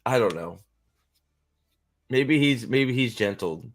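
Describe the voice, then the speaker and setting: A man's voice: mid-range voice, animated, takes it slowly. A man hosting a casual reaction commentary, rambling, profane and sarcastic, with frequent restarts. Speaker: host.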